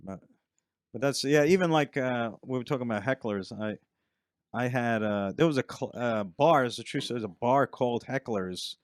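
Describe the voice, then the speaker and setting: A middle-aged stand-up comedian, guesting on a podcast, spins long rambling anecdotes in a casual chat and acts out other people's lines. His voice is medium-pitched at a normal speed, recorded with studio quality and no echo.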